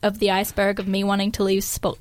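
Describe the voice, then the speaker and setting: A woman's voice: mid-range voice, completely flat delivery, fast. A teenage girl co-hosting a youth radio show, chatty and giggly as she tells stories. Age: teens. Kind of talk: casual chat. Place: radio studio.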